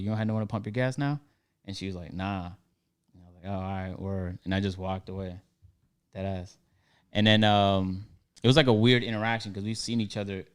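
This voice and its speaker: A man's voice: fairly low pitch, clear, resonant tone. A young man casually telling a story on a podcast, acting out both sides with slang.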